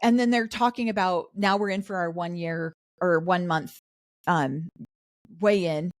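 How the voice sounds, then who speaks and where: Middle-aged woman co-host, lowish voice, dry close sound, chatty recap energy. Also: steady tone, dry recording. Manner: chatty, quotes the cast in quick asides. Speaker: podcast co-host. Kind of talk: casual recap chat.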